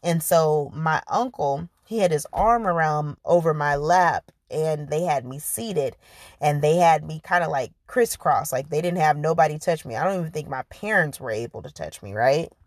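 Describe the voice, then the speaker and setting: Low-voiced woman telling a personal story. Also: lively intonation, normal speed, dry recording. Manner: earnest, conversational, recounting a painful dream with many "like" fillers. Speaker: podcast host.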